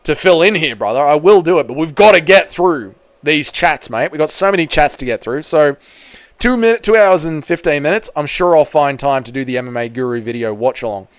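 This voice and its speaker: A man's voice: on the high side, animated, a little fast, no echo. A man with an Australian accent chatting casually on a livestream, reading donations and swearing in matey banter. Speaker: MMA YouTuber streaming live.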